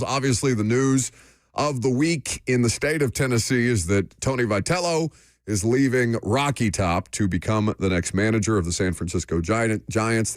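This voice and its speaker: A man's voice: medium pitch, no room sound, clean studio sound. A man hosting a sports talk radio show, opinionated and emphatic.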